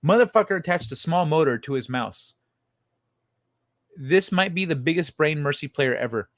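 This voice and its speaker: A man hosting a late-night livestream in a casual, meandering chat. He reads viewer comments aloud, laughs often and swears freely. His voice sits a little high, and it is recorded dry and close. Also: lively intonation, moderate pace, a bit bright, dry recording. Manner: rambling, with frequent fillers and tangents. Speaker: livestream host.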